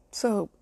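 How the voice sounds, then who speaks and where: A woman's voice: darkish tone, no room sound. A woman hosting her own podcast, delivering a blunt, angry and heavily profane solo rant aimed straight at her critics. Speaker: podcast host.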